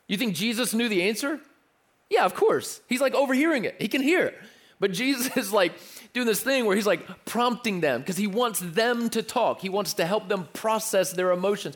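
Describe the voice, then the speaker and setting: A young man delivers a sermon to his congregation in an earnest, conversational way. His voice sits a little above the usual male pitch. He returns to his key phrases again and again and often restarts his sentences. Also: expressive, moderate pace, a bit bright. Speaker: pastor.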